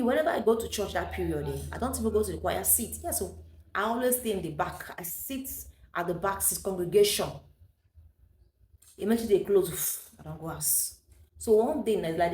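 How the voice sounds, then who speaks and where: A Nigerian woman tells a story from her own life in a chatty vlog manner, mixing Pidgin English into her speech. Her voice sits at an ordinary middle pitch for a woman. The room around her sounds echoey, with a faint hum of ambience behind her. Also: darkish tone. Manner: chatty, mixes in Pidgin English, laughs often. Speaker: vlogger. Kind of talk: personal storytelling.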